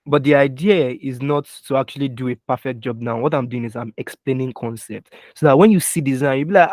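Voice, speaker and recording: A man's voice: mid-range voice, fairly even intonation, fast, a little mellow, dry recording. A young man teaching a live online design class through a computer mic, often checking that students are following and spelling out keyboard shortcuts step by step. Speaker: design instructor. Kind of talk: live online software tutorial. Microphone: computer mic with keyboard taps heard.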